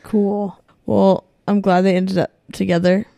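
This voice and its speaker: A woman's voice: mid-range voice, level tone, unhurried, creaky, dark tone, no room sound. A young woman in casual chat, laid-back, giving short replies and laughing easily.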